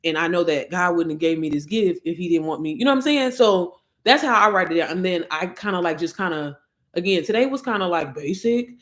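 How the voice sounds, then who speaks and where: A woman's voice: fairly low pitch, fairly quick, fairly bright tone. A woman hosting a casual livestream, chatting directly to her viewers and calling them girl and baby, sometimes reading affirmations aloud. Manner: reads out affirmations. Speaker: livestream host.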